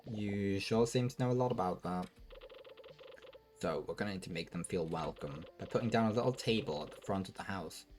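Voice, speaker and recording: A man voicing a scheming male animal mentor in a game, lecturing in a lowered, sly voice. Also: fairly quick, a little mellow, close to an everyday voice.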